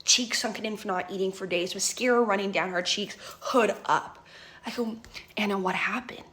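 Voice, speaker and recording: A woman's voice: mid-range voice, normal speed, a bit bright. A woman in her twenties telling a dramatic story in a chatty vlog, often tagging her lines with "right?" and "okay?". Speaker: vlogger.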